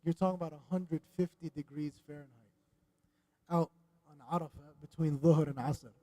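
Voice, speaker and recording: A man giving a religious lesson in a mosque, animated and questioning his audience, dropping Arabic religious phrases. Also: fairly high pitch, normal speed. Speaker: religious teacher. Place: mosque hall.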